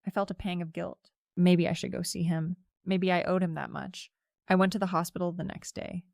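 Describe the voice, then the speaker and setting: Gravelly woman narrating a story. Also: on the low side, steady tone, moderate pace, darkish tone, no room sound, studio quality. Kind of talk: scripted first-person story narration.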